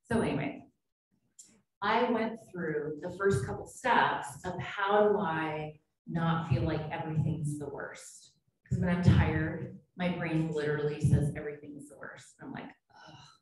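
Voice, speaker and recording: A woman's voice: sits low, unhurried. Woman speaker in a very echoey hall. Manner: conversational, anecdotal, self-deprecating. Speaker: psychiatrist giving a keynote. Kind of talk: conference keynote talk. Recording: very echoey hall, distant mic, faint noise.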